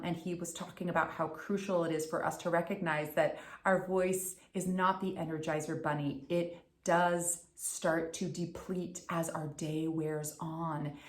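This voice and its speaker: A woman voice coach giving an upbeat tutorial, enunciating crisply. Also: low voice, reverberant. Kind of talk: instructional tutorial.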